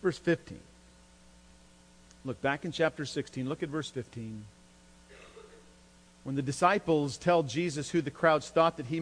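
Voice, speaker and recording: Emphatic pastor preaching in a hall. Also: male voice, fairly bright tone. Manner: emphatic, rising pitch and volume when stressing points. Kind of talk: sermon. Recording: long hall reverb with mains hum.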